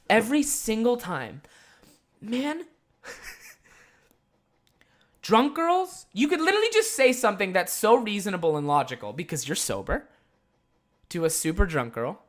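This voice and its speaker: A man's voice: high voice, big pitch swings, moderate pace, pauses often, a bit bright. A young man hosting a podcast, telling a rambling, profane story in a casual way. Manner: profane, rambling, lots of filler words. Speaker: podcast host.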